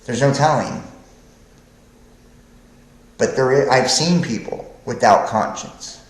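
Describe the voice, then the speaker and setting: Male podcast host, slow, preachy, profane rambler, roomy echo on the mic. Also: medium pitch. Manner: rambling, profane, keeps asking "right?". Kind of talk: preachy livestream monologue.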